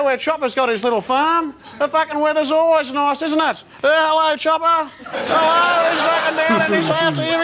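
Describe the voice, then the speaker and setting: A man with an Australian accent playing a foul-mouthed, rough middle-aged ex-crook turned weatherman, swearing nonstop and throwing in jeering asides. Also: very high voice. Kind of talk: comedy sketch. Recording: loud live audience laughter and noise.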